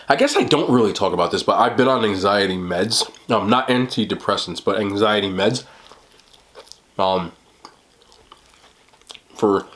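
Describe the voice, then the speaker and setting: A tired New York man with a lowish, slightly bright voice rambles casually to his camera at home late at night. He's a mukbang vlogger who is chatty, self-deprecating, and quick to laugh.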